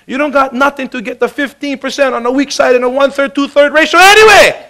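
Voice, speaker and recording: A man giving an energetic, joking motivational sales talk. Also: very high-pitched, quick pace. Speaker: business presenter.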